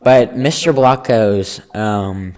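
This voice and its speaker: A man's voice: on the low side, takes it slowly. A teenage boy co-hosting a podcast, telling a school story in casual chat and acting out the people in it. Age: teens. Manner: animated, acts out quoted people. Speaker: podcast co-host.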